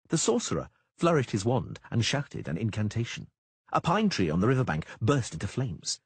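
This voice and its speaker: Husky male audiobook narrator. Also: lowish voice, normal speed, no room sound. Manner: voices characters with lively shifts.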